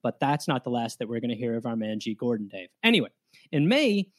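A man's voice: medium pitch, sing-song, a little fast. A man hosting a comedy podcast, telling a history story in a loose, joking way with asides. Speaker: podcast host.

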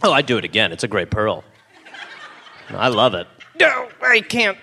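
A man's voice: mid-range voice, wildly swooping pitch, normal speed, vocal fry, bright, forceful tone, slight background noise. A man co-hosting a live comedy podcast, tossing in sarcastic, jokey interjections. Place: live show on stage.

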